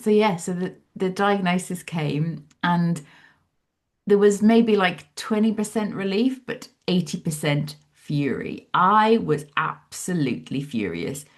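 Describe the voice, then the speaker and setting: This woman in her 40s speaks on the low side at a measured pace. A psychologist and author appearing as an interview guest, she tells her story with animation, acting out her own past thoughts in lively asides.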